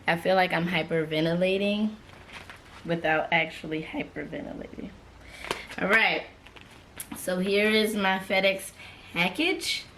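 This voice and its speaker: A woman's voice: on the low side, a little slow, long pauses, fairly bright tone, a little hiss or hum. A young woman who is an author and YouTuber, talking casually with lots of slang while unboxing, emotional, laughing and gasping between exclamations. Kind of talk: excited unboxing vlog.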